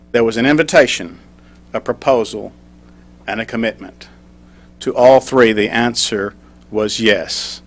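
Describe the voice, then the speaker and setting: A middle-aged man giving a prepared club speech, telling a personal story and reading a poem slowly. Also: on the low side. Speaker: club speaker.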